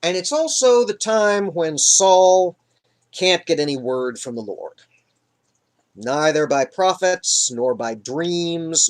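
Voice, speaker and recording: Slow, irreverent livestream storyteller. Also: medium pitch. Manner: casual, irreverent, profane. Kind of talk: improvised comic Bible retelling.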